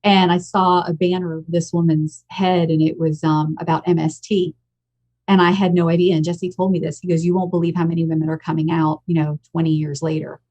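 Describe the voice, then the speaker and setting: A woman's voice: low voice, level tone, brisk, darkish tone. An American woman in her fifties, a podcast guest telling her own story in a frank, emotional and blunt way. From United States. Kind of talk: candid personal storytelling.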